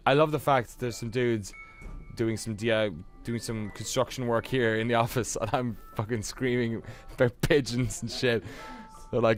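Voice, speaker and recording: A man hosting a let's play in a casual, joking manner with plenty of swearing. His pitch sits in an ordinary middle range. Faint music runs behind him. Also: steady tone, normal speed.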